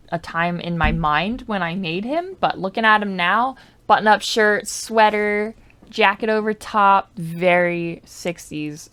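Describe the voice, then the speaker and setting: A woman YouTuber giving casual, rambling commentary on her game, full of likes and I don't knows, sometimes dropping to soft muttered asides into a desk microphone. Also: medium pitch. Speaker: gaming YouTuber.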